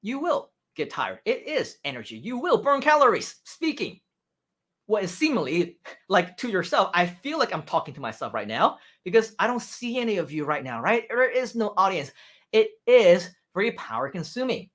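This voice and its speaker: Animated man coaching on a livestream. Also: high voice, moderate pace. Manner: energetic, animated, keeps asking "right?". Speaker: speaking coach. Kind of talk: livestream training talk.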